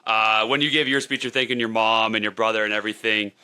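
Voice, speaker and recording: A man with a bright, forceful voice chatting casually on a podcast. He rambles from one story to the next, excitable and quick to laugh. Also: fairly low pitch, smooth. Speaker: podcast co-host. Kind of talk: casual chat.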